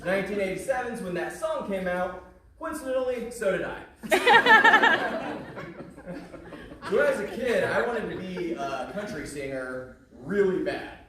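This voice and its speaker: A young man from Kansas works through a stand-up set, acting out the people in his story. His voice sits high and swings widely in pitch. The sound comes from a distant mic in a roomy club, with audience laughter rolling in. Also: lively intonation, normal speed. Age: young adult. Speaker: stand-up comedian. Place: comedy club in a small town. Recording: echoey club, mic far off, crowd laughing.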